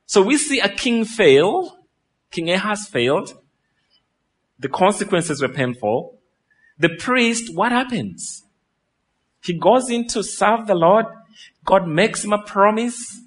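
A man preaching a sermon as pastor, lively and full of questions to the congregation, while his voice is wearing out. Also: high voice, takes it slowly, long pauses. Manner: lively, asks the crowd questions, laughs. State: losing his voice.

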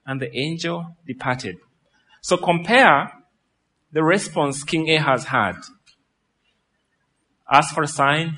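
Male pastor, fairly high voice, animated preaching, voice going hoarse. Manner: lively, asks the crowd questions, laughs. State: losing his voice. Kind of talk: sermon.

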